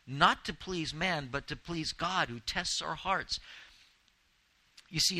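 A man preaching an expository sermon, earnest and pleading, reading scripture slowly and rising to emphatic bursts. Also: medium pitch, sharp tone, dry recording, rough recording. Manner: reads scripture slowly and deliberately. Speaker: pastor.

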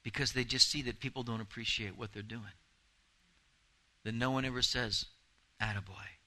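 A man in his fifties delivers a sermon as a pastor, earnest and emphatic, leaning on repeated phrases. His voice is very bright and forward, pitched in an ordinary male middle range. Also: fairly even intonation, normal speed, poor audio.

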